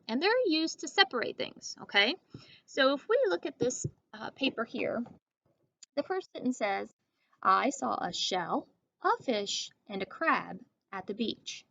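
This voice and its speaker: A woman teacher giving a grammar lesson to young children, speaking slowly and clearly and checking in with "okay?". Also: fairly high pitch, pushed and bright. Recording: dull lo-fi recording.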